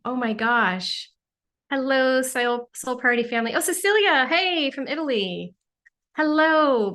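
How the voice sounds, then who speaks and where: A woman with a somewhat high voice chats warmly and effusively as she hosts a live stream. She greets viewers one by one with frequent exclamations and sounds a little sniffly from allergies. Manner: bubbly, effusive, exclaims often. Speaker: livestream host and spiritual teacher. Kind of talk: casual livestream chat greeting viewers.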